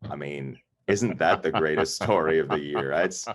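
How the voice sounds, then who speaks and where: A man, a guest broadcaster, talking baseball in a casual chat, animated and jokey, often stammering on repeated words. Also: extremely low pitch, normal speed. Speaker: guest, White Sox broadcaster.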